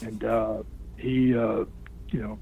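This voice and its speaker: An older man recounts a story in a relaxed interview. He acts out the voices of the people in it and keeps breaking into laughter. His voice comes through thin and tinny, as if over a phone line. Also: on the low side, takes it slowly, vocal fry, breathy edge. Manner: animated storyteller who acts out the other people's lines; laughs often while telling the story. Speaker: wrestling guest telling a story. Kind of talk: casual anecdote in a remote interview.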